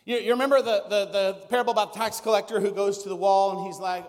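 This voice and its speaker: Male pastor, high voice, casual sermon full of questions; long hall reverb. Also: steady tone, fast talker, hardly any pauses. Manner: conversational preaching with rhetorical questions.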